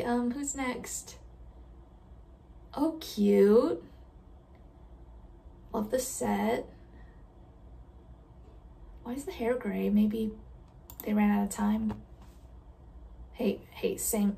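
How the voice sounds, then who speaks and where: A woman chatting casually while playing a game, self-deprecating and quick to giggle at her own mistakes. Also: fairly high pitch, vocal fry, dark tone, far from the mic. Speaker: gamer reacting to a game. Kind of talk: casual gameplay commentary.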